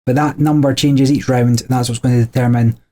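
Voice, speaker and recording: A man's voice: mid-range voice, steady tone, brisk, mellow. A man co-hosting a podcast, explaining board game rules in a chatty way with frequent small laughs. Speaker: podcast co-host.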